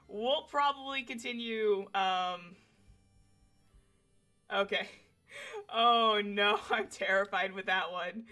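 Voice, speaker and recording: A young woman streaming a game live from home on a desk mic, excitable, swearing freely and talking to her chat. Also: mid-range voice.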